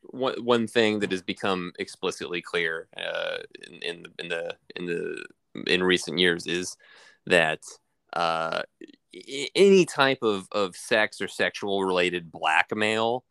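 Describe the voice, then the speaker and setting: A man hosting a podcast in casual conversation, talking in a halting way and searching for words. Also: deep voice, creaky, sharp tone, smooth, no echo. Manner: halting, many fillers and restarts. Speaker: podcast host.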